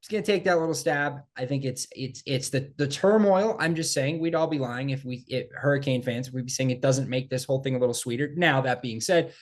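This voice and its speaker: A man in casual sports-podcast chat, mid-pitched and lively. He talks emphatically and keeps repeating his points for effect. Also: fairly quick, hardly any pauses. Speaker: podcast co-host.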